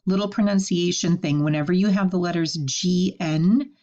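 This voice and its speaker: A woman teaching a French vocabulary lesson, saying each word slowly and then explaining it in casual English. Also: lowish voice, darkish tone, dull audio.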